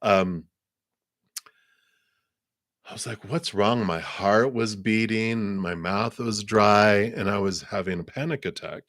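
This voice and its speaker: Low-voiced man giving chatty tarot readings. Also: slow pace, pauses often, a bit bright, dry recording, clean studio sound. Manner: chatty, reflective, frequent fillers and restarts. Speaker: tarot reader. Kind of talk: live-streamed tarot reading.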